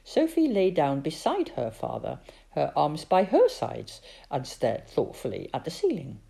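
Woman reading a kids story, low mellow voice, super expressive, whispery bits for suspense. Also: a little slow, vocal fry. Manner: expressive, with hushed dramatic asides.

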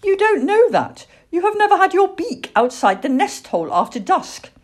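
A woman's voice: very high-pitched, big pitch swings, moderate pace, pitched above the performer's own voice. A woman reading a storybook and voicing a patient, firm mother barn owl. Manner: patient, firm and gently teasing.

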